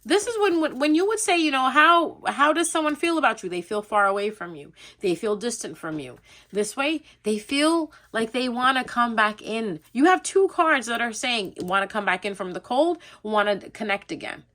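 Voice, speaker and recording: A woman's voice: on the high side, animated, normal speed, sharp tone. A young adult woman chatting her way through a casual tarot reading, rambling and laughing often. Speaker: tarot reader.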